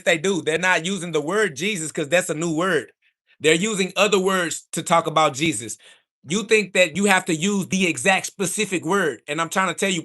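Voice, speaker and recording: On his livestream, a man whose voice sits high responds to chat with a preachy, combative rant. Over and over he insults his critics, at times shouting when he gets heated.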